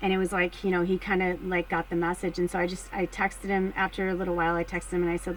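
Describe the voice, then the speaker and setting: Talking fast with hardly any pauses, a middle-aged spiritual medium with a fairly low voice shares a personal story with her viewers. She's candid and chatty, swears freely, and shrieks excitedly while retelling, over slight background noise in poor audio.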